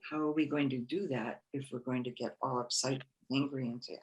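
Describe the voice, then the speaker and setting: A woman speaker giving a reflective spiritual talk, gentle and encouraging, often repeating phrases for emphasis. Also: very deep voice, fairly even intonation, a little fast, few pauses, breathy edge, highs cut off. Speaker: conference speaker.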